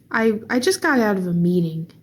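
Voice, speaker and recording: A young woman vents in a casual vlog, tired and weary. Her words come out slowly, with sighs between them. Her voice has a slightly husky edge. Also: mid-range voice. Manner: slow, weary, sighing. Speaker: vlogger. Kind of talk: casual venting monologue.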